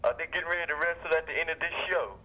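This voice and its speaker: A man's voice: on the high side, racing, pushed and bright, rough recording. A man calling in, blunt and irritated. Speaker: caller. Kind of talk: phone call-in.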